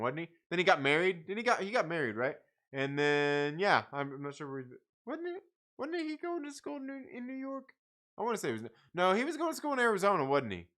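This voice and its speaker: A man hosting a late-night live stream, rambling through viewer comments with plenty of swearing and laughter. His voice is bright and his pitch swings widely. He sounds tired but keeps chatting. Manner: profane, rambling, laughs often. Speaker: livestream host. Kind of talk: casual live chat reading viewer comments.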